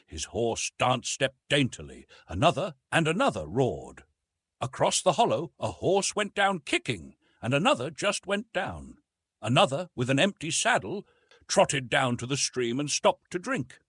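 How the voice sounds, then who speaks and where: An audiobook narrator, a man, tells a science fiction story with real drive. His tone is slightly husky, and his pitch leaps around as he builds the action. The sound is close and dry, with almost no room around it. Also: dry recording. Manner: animated storytelling with lively rises in pitch.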